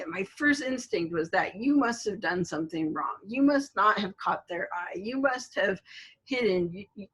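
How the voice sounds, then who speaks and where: Husky-voiced woman lecturing. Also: medium pitch, lively intonation, moderate pace, a bit bright, rough recording. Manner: conversational, filler-heavy, storytelling asides. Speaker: college instructor. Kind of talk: recorded online lecture.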